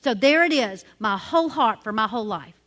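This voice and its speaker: A middle-aged woman teaching a women's ministry sermon, emphatic, slowly spelling out key words letter by letter. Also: fairly high pitch, expressive, a bit bright.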